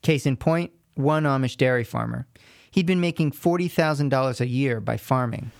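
Gravelly male radio reporter. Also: mid-range voice, moderate pace, dry recording, clean studio sound. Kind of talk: scripted news narration.

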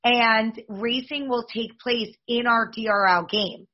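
Husky upbeat businesswoman pitching her league. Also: fairly even intonation, lo-fi sound. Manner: upbeat, promotional, fast-flowing. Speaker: league executive guest. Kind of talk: podcast interview answers.

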